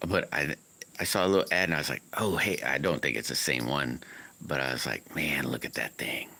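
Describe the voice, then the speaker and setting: A man's voice: very deep voice, lively intonation, fairly quick, pushed and bright. A man hosting a casual live stream, chatting with viewers about his workshop in a rambling, self-correcting way. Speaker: livestream host and slingshot maker. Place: home on a wooded property.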